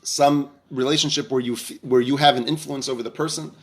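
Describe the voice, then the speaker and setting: A man's voice: medium pitch, fairly quick. Man telling a Torah lesson story. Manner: animated storyteller, acts out dialogue, frequent restarts. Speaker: rabbi teacher.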